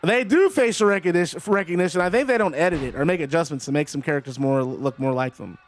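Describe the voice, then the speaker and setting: Man, high-pitched voice, casual play-by-play host, loose rambling chat between calls. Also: fast. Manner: loose and rambling, jumps between calling moves and answering chat. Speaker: host calling a simulated wrestling match.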